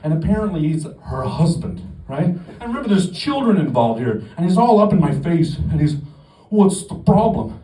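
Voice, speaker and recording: A man's voice: a little high, big pitch swings, a little fast, hardly any pauses, dark tone. A middle-aged Canadian man doing a stand-up comedy set, telling a story with lots of swearing and mock bravado. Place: comedy club stage. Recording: roomy live club audio from the stage mic at a distance. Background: audience laughter.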